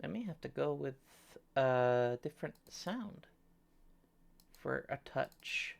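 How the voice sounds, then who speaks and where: A young woman chats her way through a live game stream, playful and a little jokingly whiny. Her voice sits low but swings widely in pitch. She talks at an unhurried pace. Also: expressive, creaky. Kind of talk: casual live-stream chat.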